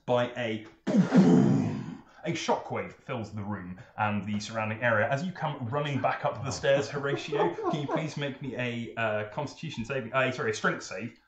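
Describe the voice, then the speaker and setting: A man narrating as game master of a tabletop role-playing game, laughing often and filling pauses as he goes. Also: mid-range voice, crowd noise. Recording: roomy, with faint hiss.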